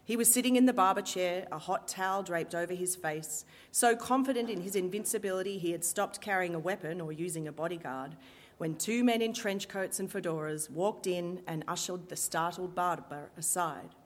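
A woman performer telling a true story in a lively, wry way with dramatic pauses. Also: on the low side. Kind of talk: live storytelling. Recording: long hall reverb.

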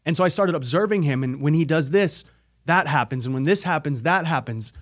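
A man's voice: a little high, animated, brisk. A man hosting a podcast, telling a personal story in an earnest, emphatic motivational style and repeating phrases for effect. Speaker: podcast host.

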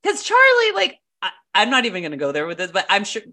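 A woman co-hosting a podcast in casual chat, candid and quick to laugh, often quoting other people as she tells stories. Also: mid-range voice, wildly swooping pitch, pushed and bright. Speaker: podcast co-host.

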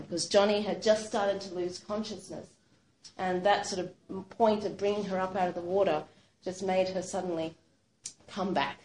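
A woman's voice: medium pitch, slight background noise. Woman telling a story, chatty, lots of sort of and like, echoey room. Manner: animated retelling, frequent fillers like "sort of". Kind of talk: spoken storytelling. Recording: roomy echo.

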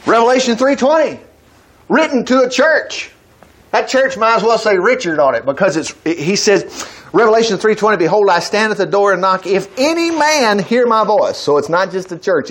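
A man teaching the Bible in a chatty, folksy way, breaking into exclaiming asides. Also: high voice. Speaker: preacher.

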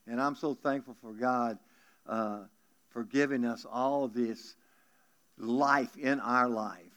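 Preaching to a congregation in a folksy, joking style, this South Louisiana man in his seventies tells stories as a guest pastor. He speaks slowly at a medium pitch, with a steady and slightly bright tone.

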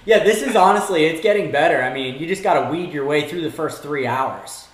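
A man guesting on a podcast who keeps joking, teasing and swearing his way through casual banter. His voice is a bit high for a man, and the recording has a roomy echo. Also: fairly quick, slight background noise. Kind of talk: casual chat.

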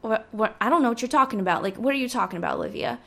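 A woman's voice: fairly high pitch, lively intonation, racing, vocal fry, fairly bright tone, exaggerated voice. A woman voicing a brassy young female shoplifter who talks in a fake-friendly, sugary way. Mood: denying.

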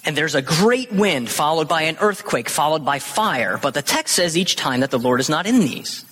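A man's voice: a little high, lively intonation, moderate pace, a bit bright, slight background noise. A man in his thirties preaching a sermon, teaching with animation and acting out the quoted lines. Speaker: pastor. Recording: long hall reverb.

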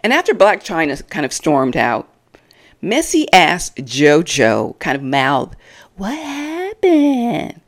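Low, animated, sassy woman reviewer. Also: a little slow. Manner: sassy, blunt and mocking. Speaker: reality TV reviewer. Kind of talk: opinionated solo commentary.

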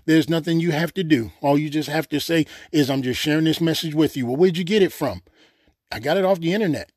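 A man's voice: mid-range voice, a little mellow, no room sound, studio quality. A man preaching an unscripted sermon, earnest and emotional, repeating phrases for emphasis.

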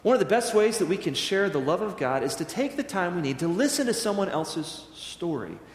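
Animated preacher in an echoey hall. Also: male voice, high-pitched, a little fast. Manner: animated storyteller, acts out dialogue. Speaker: Presbyterian minister. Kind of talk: sermon storytelling. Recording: echoey church hall with long reverb.

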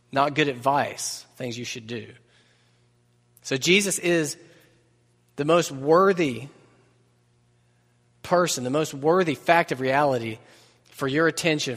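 Pastor, male, slightly high voice, chatty sermon with jokes, long hall reverb. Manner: conversational preaching with asides and humor.

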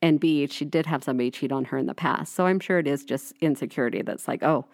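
A woman in her forties, co-hosting a podcast, chats casually in a low-pitched voice and talks fast. She's an animated storyteller who acts out quoted lines, and the recording is dry with clean studio sound.

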